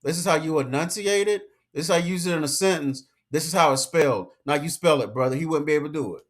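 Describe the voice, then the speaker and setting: Male commentator, slightly high voice, emphatic and lecturing, casual slangy rant. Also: quick pace. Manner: emphatic, lecturing, slangy, repeats his points. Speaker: commentary vlogger.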